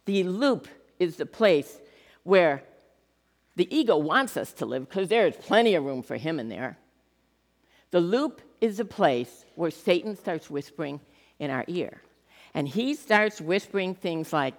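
A middle-aged woman pastor giving a sermon in a church, talking in an animated, conversational way with touches of humor. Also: on the low side, a little slow. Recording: long reverb of a church hall.

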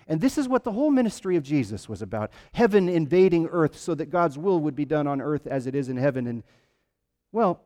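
A man preaching a sermon, telling stories with lively emphasis and frequent restarts. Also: fairly high pitch, long reverb tail. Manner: animated storytelling with repeated restarts.

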